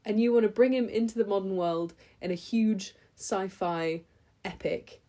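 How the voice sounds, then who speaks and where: A young woman book vlogger chats enthusiastically about books she has read in a casual review, full of ums and restarts. Her voice is medium in pitch and dark in tone, at a moderate pace.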